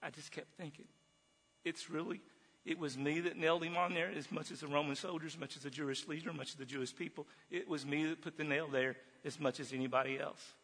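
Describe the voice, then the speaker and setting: A man giving an earnest personal testimony to a group, telling his story haltingly with restarts. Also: a little high, steady tone, fairly bright tone, breathy edge. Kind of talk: personal testimony talk with slides. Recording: long reverb of a hall.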